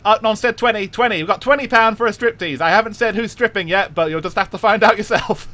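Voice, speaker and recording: A cheeky Cockney punk hawking bids like an auctioneer, as a streamer puts him on. He keeps the London accent thick and the patter quick. The tone stays bright and fairly high.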